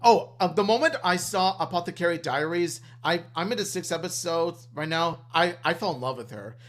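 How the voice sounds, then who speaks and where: Earnest, slightly high-voiced male co-host. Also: expressive, normal speed, a bit bright. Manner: earnest, enthusiastic, repeats himself. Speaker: podcast co-host. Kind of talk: casual chat.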